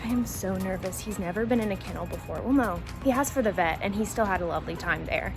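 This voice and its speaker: Chatty young woman vlogging over music. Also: fast talker. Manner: gushing baby talk to her dog, voice jumping high. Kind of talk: casual vlog chat.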